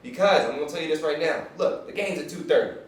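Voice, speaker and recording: A man's voice: fairly high pitch, quick pace. A young man hosting a casual sports picks show, hyped, slangy and joking, recorded from a distance in a room. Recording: echoey room, mic far off.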